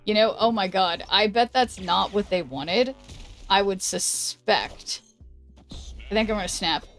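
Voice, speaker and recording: Woman, streamer, unhurried, thinking aloud, slightly hoarse, faint music behind. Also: mid-range voice. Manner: chatty, thinking aloud, greets viewers. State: losing her voice. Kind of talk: casual gameplay commentary.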